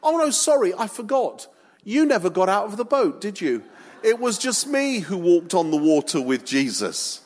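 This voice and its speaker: A man's voice: high-pitched, sing-song, moderate pace, a little mellow, long reverb tail, voice pushed up. A preacher putting on a boastful, self-satisfied male fisherman apostle who keeps repeating his brags. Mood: smug.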